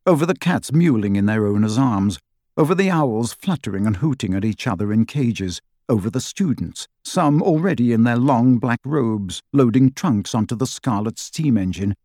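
A man narrating a story aloud with lively, shifting intonation. His voice sits at a medium pitch. The recording is close and dry. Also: dry recording. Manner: expressive, measured storytelling. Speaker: audiobook narrator. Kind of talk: scripted narration.

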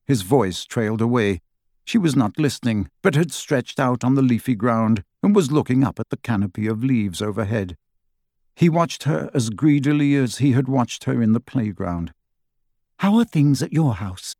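Expressive male audiobook narrator. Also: mid-range voice, no echo, studio quality. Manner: expressive, measured storytelling. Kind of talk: scripted narration.

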